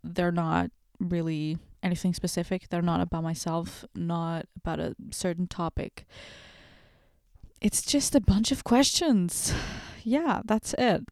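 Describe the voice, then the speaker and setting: A woman's voice: lowish voice, measured pace, darkish tone, no room sound, clean studio sound. A woman hosting a casual solo podcast, rambling and giggling with self-deprecating jokes, wired on late-night coffee. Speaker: podcast host. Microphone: podcast microphone.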